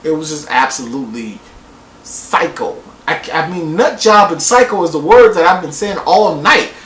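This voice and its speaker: A woman reviewing a TV show in a casual vlog, talking in a loud, profane way and mocking people with put-on voices. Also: low voice, moderate pace, roomy sound, distant mic, a little hiss or hum, low-quality recording. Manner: animated, profane, mocks people by quoting them in put-on voices.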